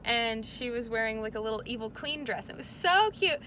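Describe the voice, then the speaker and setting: A woman's voice: on the high side, lively intonation, a little fast, sharp tone, a little hiss or hum. A young woman chatting casually to camera in a vlog, bubbly and gushing, with lots of fillers. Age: young adult. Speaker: vlogger.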